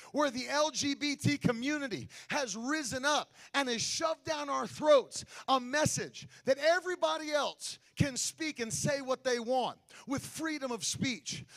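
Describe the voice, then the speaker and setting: High-voiced man preaching a sermon. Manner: shouting, sing-song preaching cadence that drops to a hush. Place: church sanctuary.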